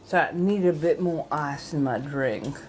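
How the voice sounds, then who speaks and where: A woman hosting a relaxed late-night ASMR livestream, chatting softly and playfully and sometimes dropping into a whisper. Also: sits low, measured pace, noisy background. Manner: soft-spoken, drifting into whispers.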